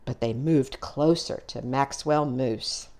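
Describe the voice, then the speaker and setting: A woman reading a children's storybook aloud, expressive and unhurried. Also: rumbling low. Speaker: storybook reader.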